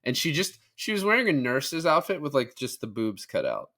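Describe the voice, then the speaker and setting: Bright-voiced man recapping a film. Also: medium pitch, normal speed. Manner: animated retelling of scenes, swears freely. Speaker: podcast co-host. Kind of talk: casual film review chat.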